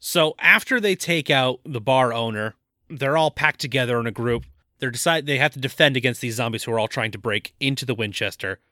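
A man's voice: mid-range voice, a little fast, bright, forceful tone, dry recording. A man co-hosting a podcast, casually recapping a film scene by scene in a laid-back, dry way. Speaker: podcast co-host.

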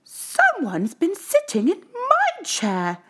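A woman voicing a fussy mama bear in a children's storybook reading, with a measured, prim manner. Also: very high voice, wildly swooping pitch, a bit bright, pitched above the performer's own voice, exaggerated voice. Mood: indignant.

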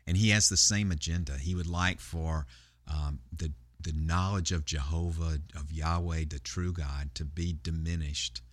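Low-voiced man preaching a sermon. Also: fairly even intonation, a little slow, no room sound. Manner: conversational, with frequent fillers and restarts. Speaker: pastor. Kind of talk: sermon retelling a Bible story.

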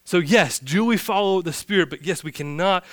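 A man's voice: high voice, moderate pace, a bit bright, no room sound, clean studio sound. A male pastor giving a sermon in a casual style with joking asides.

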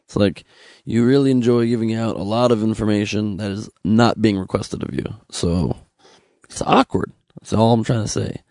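A man's voice: lowish voice, normal speed, vocal fry, a little mellow, no room sound, clean studio sound. A young man from Los Angeles hosting a comedy podcast, riffing sarcastically and slipping into mock voices. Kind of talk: comic monologue.

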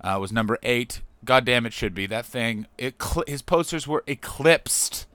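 A man hosting his own comedy podcast, rambling and joking, with loud bursts of excitement. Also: medium pitch, moderate pace, smooth, dry recording, studio quality. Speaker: podcast host. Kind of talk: solo comedic podcast monologue.

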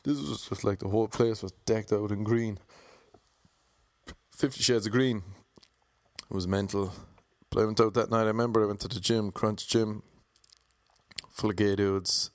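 A man in his thirties with a Cork Irish accent, telling a self-mocking comic story in a flat, monotone delivery. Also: on the low side, normal speed, pauses often, dry recording. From Ireland. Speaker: comedian and DJ. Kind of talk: storytelling monologue.

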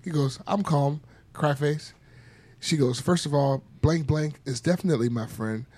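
A man's voice: fairly high pitch, moderate pace, a little mellow. A man co-hosting a podcast, mocking and swearing as he reads out messages in casual banter. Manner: brash, profane, mocking, chanting segment intro. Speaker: podcast co-host.

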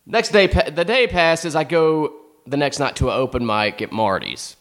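A man's voice: mid-range voice, big pitch swings, brisk, fairly bright tone. A young man, hosting a comedy show and telling an exasperated, profanity-laced story in casual monologue.

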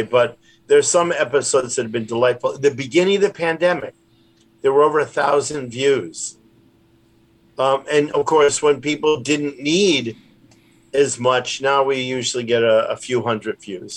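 A man's voice: medium pitch, fairly even intonation, normal speed. A man, a rabbi and puppeteer, chatting casually in an interview in a rambling, self-deprecating way. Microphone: remote call.

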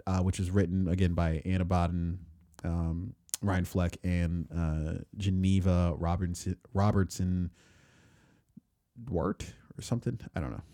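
A man's voice: deep voice, dark tone, dry recording, clean studio sound. A man co-hosting a casual podcast, laid-back and swearing offhandedly. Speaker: podcast co-host.

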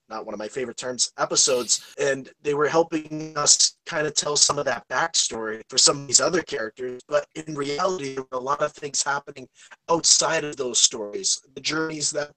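A man from the United States hosting a podcast, talking in an animated, gushing way and plugging social media. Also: fairly high pitch, normal speed, no echo. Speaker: podcast host. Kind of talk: excited podcast chat.

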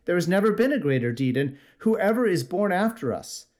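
Brief: raving madman, urgent questions, pitched up high, read by a male preacher. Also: sing-song, fairly quick, darkish tone. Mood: frantic.

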